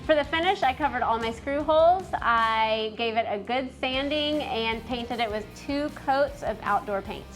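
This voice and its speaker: A woman's voice: a little high, normal speed, hardly any pauses. A woman, co-hosting a casual DIY build tutorial and laughing at her own flubs. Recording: light music behind.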